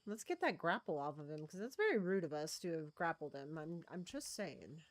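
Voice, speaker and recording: Cooing fondly at in-game creatures, this woman gives casual live-stream commentary, thinking out loud and tossing in playful sound effects for her viewers. She has a low-pitched voice with lively intonation at normal speed, in a dry recording.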